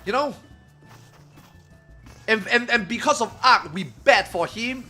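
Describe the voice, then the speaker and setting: A man streaming, telling a story to his chat in a casual, animated way, swearing and loudly acting out what others said. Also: very high-pitched, slow, faint music behind. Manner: animated retelling, acts out quotes loudly, swears, laughs.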